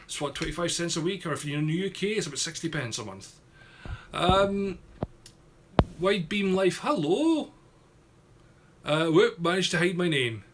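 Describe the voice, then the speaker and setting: Slight background noise sits behind a young Scottish YouTuber with an Ayrshire accent as he streams a Q&A. At normal speed and in a slightly high voice, he reads viewer comments and rambles casually.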